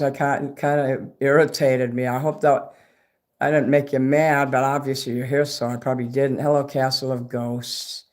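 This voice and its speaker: A man's voice: fairly high pitch, darkish tone. Rambling profane man. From Chicago. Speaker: livestream host. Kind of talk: casual livestream chat.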